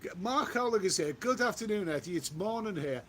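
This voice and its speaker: A chatty man talks on a live stream, reading out comments and circling back over his points. His voice sits high for a man. Faint outdoor noise runs behind him. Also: lively intonation, brisk, a bit bright. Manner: chatty, repeats himself, reads comments aloud. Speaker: travel vlogger reading live chat. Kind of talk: casual live-stream chat. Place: outdoors on a walk.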